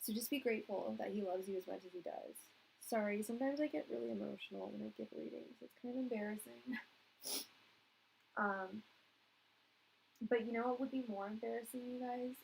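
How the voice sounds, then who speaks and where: A woman's voice: fairly high pitch, fairly even intonation, brisk, creaky, darkish tone, a little hiss or hum, poor audio. A young woman giving a live-stream tarot reading, chatty and emotional, with frequent laughter. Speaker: tarot reader.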